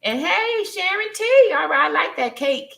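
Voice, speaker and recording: A woman's voice: extremely high pitch, expressive, a little slow, creaky, a bit bright, echoey room. A woman in her fifties hosting a casual live stream, greeting viewers by name, reading their comments aloud and laughing often. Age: 50s.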